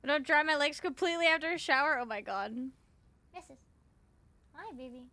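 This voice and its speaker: A woman's voice: sits high, animated, a little fast, sharp tone, no room sound. A young woman streaming live, chatting casually with viewers and cooing baby talk at her cat.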